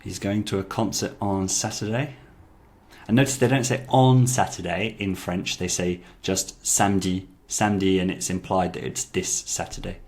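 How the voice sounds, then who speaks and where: A low-voiced man talks casually through an app review, chatty and full of fillers. He repeats lines aloud before commenting on them. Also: steady tone, moderate pace, a little mellow. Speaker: language-learning YouTuber.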